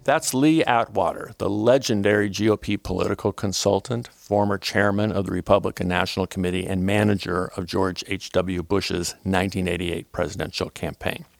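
A man hosting a political history podcast, reading a measured scripted narration. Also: low voice, steady tone, gravelly, no echo, studio quality, soft background music. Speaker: podcast host.

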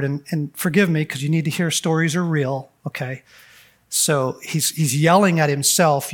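Speaking at a men's conference, a middle-aged man addresses a room full of men with earnest feeling, his voice slightly raised and on the high side. His animated, heartfelt delivery moves at a normal speed, and now and then he slips into the voices of people from his stories.

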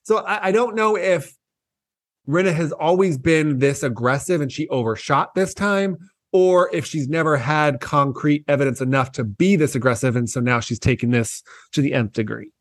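A man's voice: fairly high pitch, normal speed, no room sound, studio quality. A man co-hosting a casual gossip chat, animatedly acting out quotes in mocking voices. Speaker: podcast co-host.

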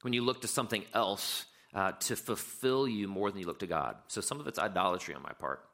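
Middle-aged guy preaching, chatty and lively, kinda low but bright voice. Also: brisk, vocal fry. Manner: conversational preaching, animated when telling stories. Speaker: pastor. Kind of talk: sermon.

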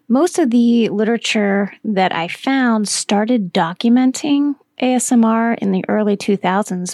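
A woman's voice: medium pitch, vocal fry, darkish tone, no echo, clean studio sound. A middle-aged woman hosting a podcast, telling a personal story and explaining in a chatty, casual way with plenty of fillers. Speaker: podcast host.

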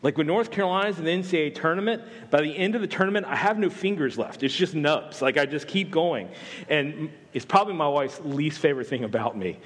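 A fairly high-voiced man from the American South preaches a light, joking sermon, chatting with his congregation and poking fun at himself. His voice carries a long reverb from the church sanctuary. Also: fast, a bit bright. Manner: joking, conversational, self-deprecating. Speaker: campus pastor. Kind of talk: humorous sermon.

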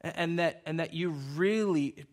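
A man's voice: fairly high pitch, normal speed. A young man, a pastor, preaching through personal stories and acting out the voices of people he quotes. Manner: storytelling, acts out quoted voices.

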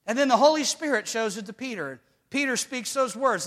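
A man preaching a sermon with emphatic delivery that swings between hushed and loud. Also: extremely high pitch, animated, a little fast. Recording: long hall reverb.

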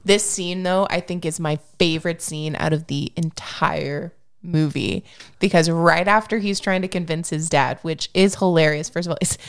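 A woman's voice: deep voice, fairly even intonation, moderate pace, clear, resonant tone, dry recording, clean studio sound. A woman co-hosting a podcast, chatting casually about a film, laughing often and retelling scenes with animation. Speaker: podcast co-host. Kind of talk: casual movie review chat.

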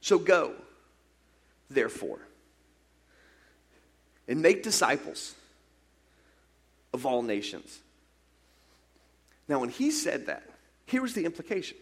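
A young man preaching a conversational sermon, animated and casual, acting out scenes as he tells them. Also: on the high side, slow pace, creaky, pauses often. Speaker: pastor.

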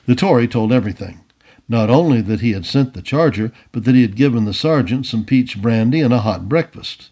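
Husky-voiced man reading a storybook aloud. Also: medium pitch, a little fast. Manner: expressive, animated reading. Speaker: audiobook reader. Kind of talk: storybook narration.

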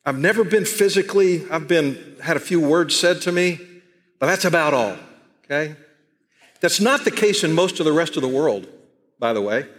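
Texan preacher guy, middle-aged, repeats himself for punch, bit high pitched, big echoey church hall. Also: lively intonation, fairly bright tone. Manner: emphatic, repeats phrases, slows down for stress. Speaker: pastor. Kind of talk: sermon. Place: church sanctuary.

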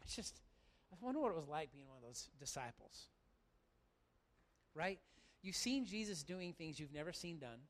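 A man preaching a sermon to his church, animated and talking straight to the congregation. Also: a little high, moderate pace. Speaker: pastor.

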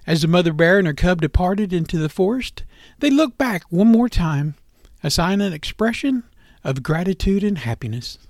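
Man, children's storyteller, gentle and expressive; high voice, dry close sound. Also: moderate pace, no room sound.

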